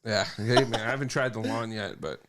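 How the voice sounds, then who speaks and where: A man's voice: fairly low pitch, a little fast, a bit bright. A man who is a father of three, chatting as a podcast guest and telling crude, joking stories with plenty of swearing. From Ohio. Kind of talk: casual chat.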